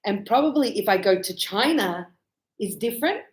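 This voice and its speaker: A woman teaching a relaxed spoken lesson, chatty and animated as she tells stories and laughs often. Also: mid-range voice, moderate pace. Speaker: English teacher. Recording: echoey room.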